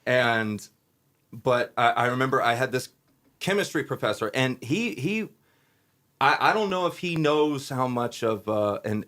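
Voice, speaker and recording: Animated male musician telling stories. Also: medium pitch. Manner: animated, acts out quoted dialogue. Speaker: musician guest. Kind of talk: casual interview storytelling.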